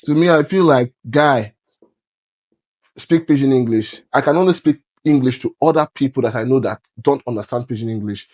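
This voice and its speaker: With a mid-range, slightly mellow voice at a moderate pace, a young man from Nigeria talks emphatically on a casual podcast. His Nigerian accent comes through as he blends Pidgin into his English.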